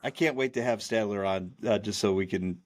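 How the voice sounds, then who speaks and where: A man's voice: lowish voice, brisk. A man co-hosting a podcast in casual chat, rambling with many restarts and fillers. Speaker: podcast co-host.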